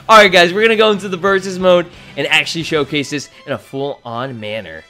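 A young man giving excitable gameplay commentary, swearing freely and shouting hype exclamations. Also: a little high, brisk, hardly any pauses, soft background music. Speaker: gaming YouTuber.

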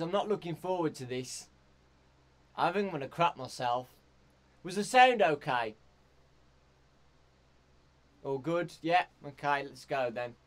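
Jumpy young man streaming a horror game. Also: a little high. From England. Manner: jumpy, yelps and shouts in fright. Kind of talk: live game commentary.

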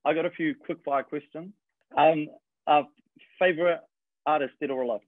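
A man's voice: fairly high pitch, fairly even intonation, normal speed, no echo. A laid-back New man hosting a radio chat, asking questions in short, easygoing bursts. His voice comes through a thin, phone-like line with no room sound. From New Zealand. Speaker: radio host. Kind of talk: casual interview.

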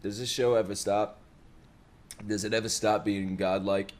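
A man watching an anime episode and reacting aloud, excitable and profane, laughing and shouting at the screen. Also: lowish voice, moderate pace, slight background noise. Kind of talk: live reaction commentary.

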